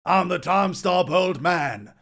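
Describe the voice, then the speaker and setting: A man putting on a gravelly old man's voice. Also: sits high, slow, fairly bright tone, voice pushed up, full character voice. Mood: booming. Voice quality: rough, gravelly put-on voice. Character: gruff old man of a comic dub.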